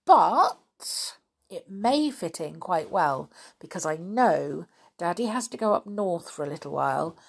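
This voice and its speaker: A kindly mother speaks gently and weighs her words with care. Her tone stays calm and reasoning, voiced by a woman storyteller. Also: lowish voice, creaky, breathy edge, heavily acted.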